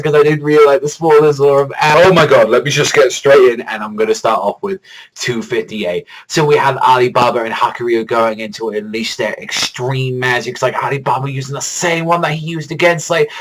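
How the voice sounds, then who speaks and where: A man hosting a manga reaction video in excitable, rambling casual commentary, swearing a lot and stacking fillers. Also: medium pitch, brisk, low-quality recording. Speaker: manga reaction channel host.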